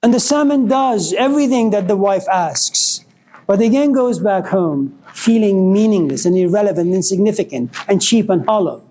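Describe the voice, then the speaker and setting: High-voiced wry lecturing man. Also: expressive, moderate pace, dark tone, slight background noise, low-quality recording. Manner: wry, dramatic storyteller. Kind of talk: storytelling lecture.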